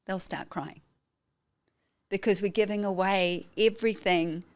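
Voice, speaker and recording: A woman's voice: mid-range voice, unhurried, clear, resonant tone. A middle-aged woman, a guest on a podcast interview, telling her story emphatically and acting out what she said to people. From New Zealand. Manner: emphatic, animated storytelling with acted-out quotes. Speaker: guest, photographer and educator.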